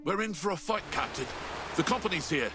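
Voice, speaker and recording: A man's voice: sits high, expressive, a little fast, over music. A man voicing an eager male pirate first mate in a video game, speaking in an urgent, rallying way. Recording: game audio with noise.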